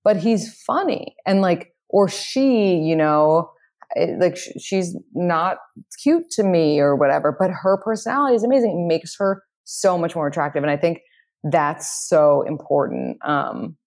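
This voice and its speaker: A woman's voice: fairly low pitch, a little slow, a little mellow. A woman guest giving dating advice in casual conversation, outgoing and confident, with frequent fillers.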